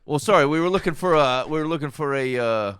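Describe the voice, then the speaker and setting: A man's voice: fairly high pitch, lively intonation, quick pace, fairly bright tone, clean tone, dry recording, clean studio sound. A man co-hosting a podcast in casual chat, wry and rambling, laughing easily. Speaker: podcast co-host.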